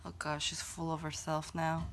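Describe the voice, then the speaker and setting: A young woman vlogging at home on a handheld phone, chatting to her baby in a playful voice that jumps to high squeals, sounding dizzy and unwell. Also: noisy background. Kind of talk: casual home vlog talking to her baby. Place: home room indoors. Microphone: handheld phone camera.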